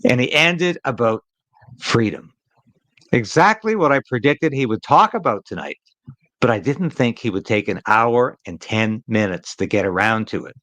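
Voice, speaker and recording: A man's voice: mid-range voice, animated, moderate pace, fairly bright tone, no echo, rough recording. A man hosting a live political commentary stream, talking in an emphatic, opinionated way and repeating phrases to drive a point home.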